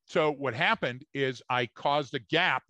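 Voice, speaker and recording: A man's voice: medium pitch, a little slow, pushed and bright, no echo. A man co-hosting a podcast, telling stories in an emphatic, repetitive way in casual chat. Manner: emphatic, storytelling, repeats words. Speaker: podcast co-host.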